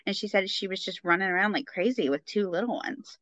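Woman co-host, casual chat, bright forceful voice, dry dull lo-fi sound. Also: mid-range voice, dry recording. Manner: fast, chatty, lots of fillers. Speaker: podcast co-host.

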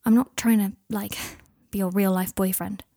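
Harry, a woman voicing a gentle young man. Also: mid-range voice, steady tone, moderate pace, no room sound, studio quality, close to an everyday voice. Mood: hasty. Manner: hesitant, reassuring. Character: earnest, gentle young man, reassuring client. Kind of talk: fan fiction reading.

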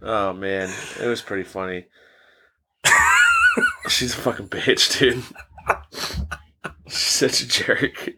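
Animated profane laughing man. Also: medium pitch, drawn-out words, long pauses, husky. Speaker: podcast co-host. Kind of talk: crude casual chat.

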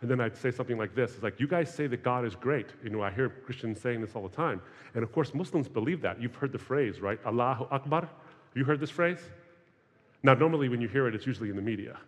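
Man, forties, wry storyteller, mid-pitched voice, long hall reverb. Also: quick pace. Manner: conversational storytelling with wry humor. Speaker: speaker. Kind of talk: talk to students. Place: large hall.

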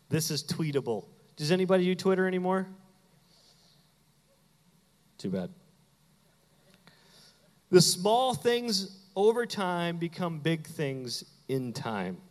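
A pastor with a high-pitched voice preaches to his congregation, his words carrying the long hall reverb of a church sanctuary. His delivery is playful and conversational, with quick asides he acts out.

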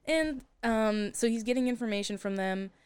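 This is a young woman in easy conversation, recapping a story with plenty of filler words and frequent laughter. Her voice is smooth and clear. The sound is dry and close, with no room around it. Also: fairly high pitch, moderate pace, darkish tone, no room sound. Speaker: podcast co-host. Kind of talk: casual chat.

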